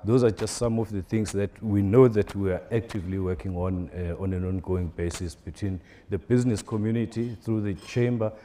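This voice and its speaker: Measured man, mellow and low. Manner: measured, many fillers. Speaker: business chamber representative. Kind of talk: panel discussion.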